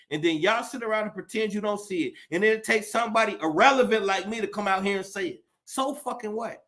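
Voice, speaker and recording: A man rants with fiery, profane conviction, hammering his points with rhetorical questions. His voice sits high and comes across bright and forceful. He talks like a preacher working up a crowd. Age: adult. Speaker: commentator. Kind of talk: impassioned monologue.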